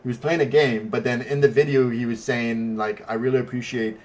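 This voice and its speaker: A podcast co-host, a man whose first language is French, talks in English at a middling pitch. He rambles through stories, blunt and unfiltered, with swearing along the way. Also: fairly even intonation, normal speed, darkish tone, a little hiss or hum. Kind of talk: casual chat.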